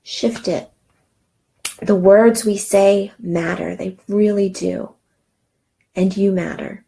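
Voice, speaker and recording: A woman's voice: mid-range voice, steady tone, slow pace, creaky, warm tone, slight background noise. A middle-aged woman giving an earnest, encouraging self-help talk, with frequent ums and restarts. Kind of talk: motivational talk.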